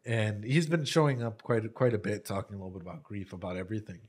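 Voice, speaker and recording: A man's voice: fairly low pitch, steady tone, fast talker, darkish tone. A man reacting to a show in casual commentary, laughing often, swearing freely and emotional as he tells a heartfelt story. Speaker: anime reaction host.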